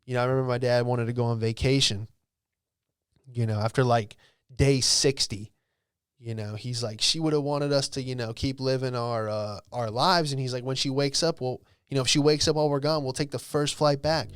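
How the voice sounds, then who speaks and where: A young man hosting a podcast, telling a personal story in a rambling, profane way full of "bro" and "dude", sometimes dropping to a hush. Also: medium pitch, fairly even intonation, a little fast, clear, resonant tone, no echo, clean studio sound. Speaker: podcast host. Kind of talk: casual storytelling monologue.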